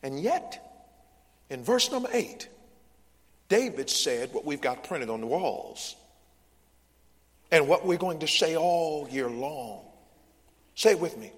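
A male pastor preaching a sermon, leading the congregation in call-and-response with loud, emphatic bursts. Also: fairly high pitch, sing-song, slow pace, pauses often. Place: large church sanctuary. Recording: long church hall reverb.

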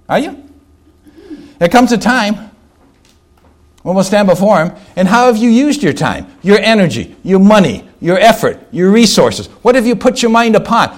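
Male preacher, bit higher voice, very animated; dramatic sermon delivery. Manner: dramatic, swinging from loud to hushed; rhetorical questions, slows on key words. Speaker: pastor.

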